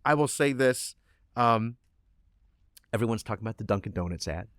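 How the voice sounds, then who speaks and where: A man's voice: fairly low pitch, normal speed, no room sound, clean studio sound. A man co-hosting a podcast in casual chat, animatedly retelling commercials with little acted asides. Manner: animated storyteller, recounting ads with acted asides. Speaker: podcast co-host.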